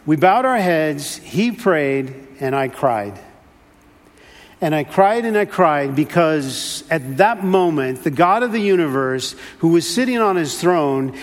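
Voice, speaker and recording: High-voiced man preaching in a reverberant hall. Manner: earnest storytelling, repeats words, rising exasperation. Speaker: pastor. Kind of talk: sermon with personal story.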